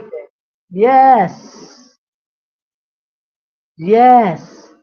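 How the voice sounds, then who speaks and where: A woman speaks slowly and deliberately, building her points through emphatic repetition like a preacher. Her grammar is loose and colloquial. The stream audio sounds dull and muffled, and her pitch sits at a middling level. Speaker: inner child healing speaker. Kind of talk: impassioned teaching monologue.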